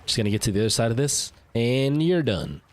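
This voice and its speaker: A man's voice: mid-range voice, sing-song, fairly quick. A man streaming a game live, chatting casually with viewers in a rambling, talkative way. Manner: rambling, chatty, answering chat.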